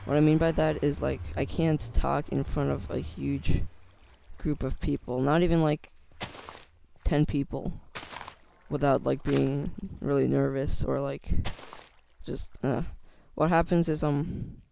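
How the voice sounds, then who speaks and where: A man's voice: fairly high pitch, flat delivery, unhurried, vocal fry, dark tone, a little hiss or hum. A teenage boy talking hesitantly in a casual vlog, full of fillers and restarts, his voice cracking now and then. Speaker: YouTuber.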